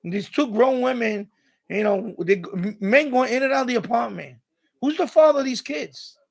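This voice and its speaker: A man hosting a live stream, casually telling a neighborhood story in an animated way and laughing often. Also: very high voice, normal speed, creaky.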